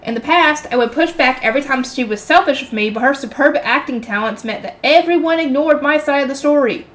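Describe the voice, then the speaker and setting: A woman's voice: high voice, fairly quick, a bit bright. A woman reading a novel aloud as a channel host, breaking off for chatty, exasperated asides. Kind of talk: reading aloud with casual commentary.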